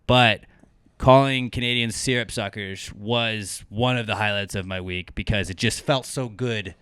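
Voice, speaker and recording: A man hosting a casual podcast, cursing freely and getting loud as he acts out insults. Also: on the low side, unhurried, smooth, dry recording. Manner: profane, animated, swings loud when acting out insults. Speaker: podcast host.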